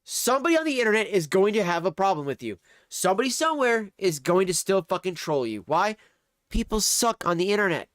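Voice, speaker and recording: A man's voice: high-pitched, sing-song, a little fast, a bit bright, no echo. Male streamer, profane sarcastic ranter, dry close sound. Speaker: livestreamer. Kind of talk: angry livestream commentary. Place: home streaming setup.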